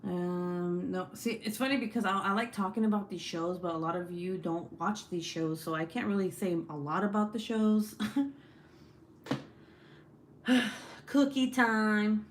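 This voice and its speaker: Speaking a little slowly in a fairly low voice, a forties-aged woman hosts a laid-back livestream where she swears freely, chats and goes through viewers' comments. The room is echoey and there's slight background noise.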